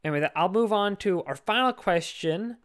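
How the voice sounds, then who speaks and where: Smooth-voiced young man, rambling and jokey. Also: high voice, expressive, brisk, fairly bright tone. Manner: rambling, profane, jokey, full of fillers. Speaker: podcast co-host. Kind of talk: casual chat.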